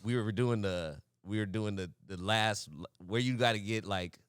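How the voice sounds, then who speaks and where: A young man co-hosting a podcast, telling a story in casual chat, animated and laughing often, acting out voices. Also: fairly low pitch, moderate pace, clear, resonant tone, no echo, clean studio sound. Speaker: podcast co-host.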